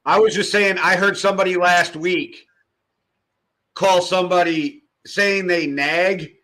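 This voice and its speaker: A man co-hosting a music podcast in relaxed, playful conversation. His voice is bright and edged, and it sits fairly high. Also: unhurried, a little hiss or hum. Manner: storytelling, playful. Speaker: podcast co-host. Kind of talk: casual music chat.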